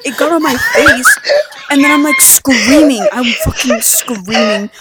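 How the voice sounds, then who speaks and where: Young female co-host, animated and profane storyteller, lively high voice, heavy background noise. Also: a little slow. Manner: profane, animated, breaks into laughter. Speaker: podcast co-host. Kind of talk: casual storytelling among friends.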